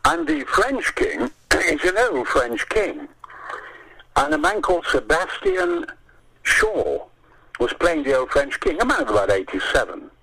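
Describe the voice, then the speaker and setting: Gravelly, lively older storyteller. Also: male voice, a little high, measured pace, poor audio. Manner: theatrical storyteller, swears often, acts out voices. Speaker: interview guest. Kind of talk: animated anecdote telling.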